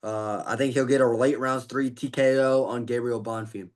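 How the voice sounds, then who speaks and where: A man's voice: mid-range voice, fairly even intonation, normal speed. A man hosting a podcast, giving a casual, rambling fight breakdown full of fillers, tired and out of breath.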